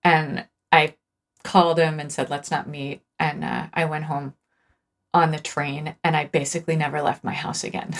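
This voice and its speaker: A woman's voice: low-pitched, level tone, normal speed, gravelly. A woman guesting on a talk show as an author, telling stories in a thoughtful, earnest way. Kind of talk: casual conversation.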